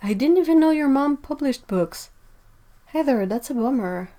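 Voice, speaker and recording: A woman's voice: sits high, animated, normal speed. Chatty woman streaming. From Quebec, Canada. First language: French. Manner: chatty, reads out viewer comments, drifts quieter while working. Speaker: artist livestreamer. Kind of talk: casual livestream chat while painting.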